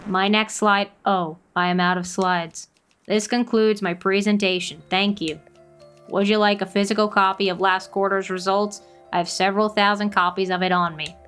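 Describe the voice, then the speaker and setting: A woman voicing a stiff, formal male businessman who speaks in a flat, monotonous corporate tone. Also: medium pitch, normal speed, faint music behind, pitched below the performer's own voice, natural voice.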